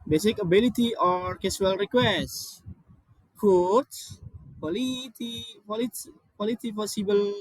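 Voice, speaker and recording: A man's voice: high voice, no room sound, low-quality recording. A man whose first language is not English, reading a grammar lesson from slides with many restarts and apologies.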